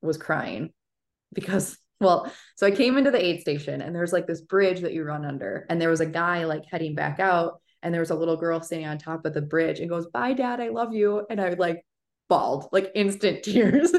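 A woman in her thirties, co-hosting a podcast, telling an animated story in casual chat with plenty of fillers. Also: deep voice, a little fast. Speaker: podcast co-host.

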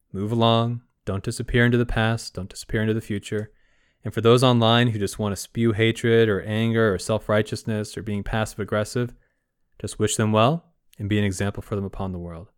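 A man hosting a spiritual podcast, talking in a calm, gently instructive way. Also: on the low side, clear, resonant tone. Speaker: podcast host.

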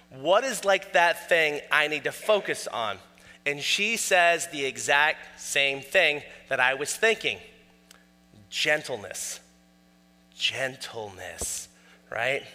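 A middle-aged male pastor with a high, very bright and forceful voice delivers a sermon from the pulpit. He tells self-mocking stories in an animated way and acts out quotes. Long reverb from the sanctuary trails his words.

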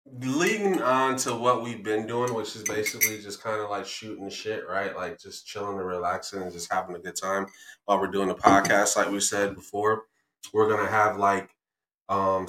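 A man's voice: lowish voice, bright, forceful tone, echoey room, poor audio. A young man hosting a podcast, playful and teasing in casual, slangy chat. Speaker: podcast host.

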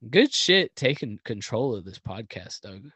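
A man's voice: medium pitch, sing-song, a little slow, pushed and bright, husky, no echo. A man co-hosting a casual podcast, talking in a slangy, rambling way with lots of swearing and fillers. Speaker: podcast co-host.

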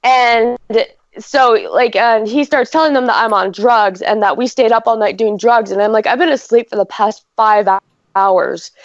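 A woman's voice: on the high side, moderate pace, no echo, muffled recording. A woman and mother, telling a story in casual chat, rambling with lots of "like" and swearing.

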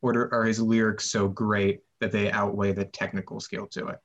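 A man hosting a casual podcast asks long, curious questions that he works out as he goes. His voice is on the low side. The recording sounds dull and lo-fi. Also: flat delivery, moderate pace. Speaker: podcast host.

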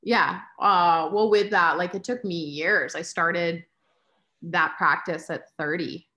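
A yoga teacher and single mother in her late thirties chats casually, telling candid stories and acting out her own inner voice. Her voice is on the low side, slow, pushed and bright, with fairly even intonation.

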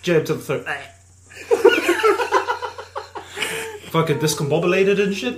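A man's voice: a little high, wildly swooping pitch, takes it slowly, pauses often, roomy sound, background noise. A man in casual chat with friends, brash and laughing, swearing freely.

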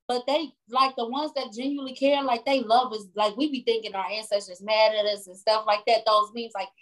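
A woman in a casual chat who talks in a relaxed way and often checks in with her listener. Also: on the high side, fairly quick, rough recording. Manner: relaxed, fillers like "you get what I'm saying".

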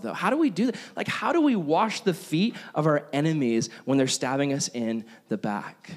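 A young man preaching a casual sermon to a youth group, acting out voices from everyday stories. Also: medium pitch. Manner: casual, animated, acts out quoted voices. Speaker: youth pastor.

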